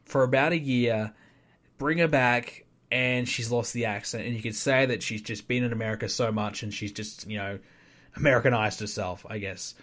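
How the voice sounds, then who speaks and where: A man's voice: medium pitch, moderate pace, fairly bright tone. A man hosting a solo podcast, giving casual, opinionated commentary that rambles with fillers and restarts. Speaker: podcast host.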